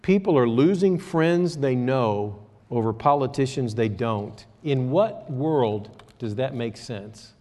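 A man preaching a sermon to his church, talking to the congregation in a conversational way that moves between quiet asides and raised exhortation. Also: medium pitch, animated, slow pace, long reverb tail. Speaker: pastor.

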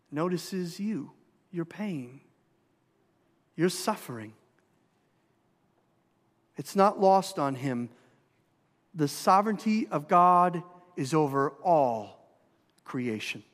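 A man's voice: fairly high pitch, animated, slow, pauses often, fairly bright tone. A man with a Minnesotan accent preaching a sermon, asking the congregation questions with emphasis. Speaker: pastor. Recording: long hall reverb.

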